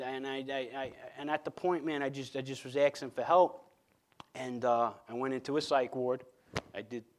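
A man from Long Island, giving an earnest personal faith testimony and often stumbling and repeating words as he speaks. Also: medium pitch. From Long Island, New York.

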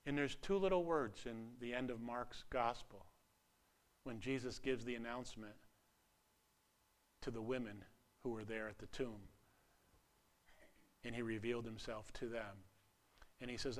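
An older man preaching a sermon in a conversational, animated way, asking the audience questions and swinging from emphatic peaks to hushed asides. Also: mid-range voice, a little slow, long pauses.

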